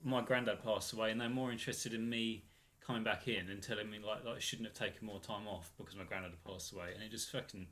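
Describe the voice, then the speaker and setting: A man with a lowish voice joins a casual stream chat as co-host. He talks quickly and bluntly, with plenty of swearing thrown in. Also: fairly even intonation, fairly bright tone.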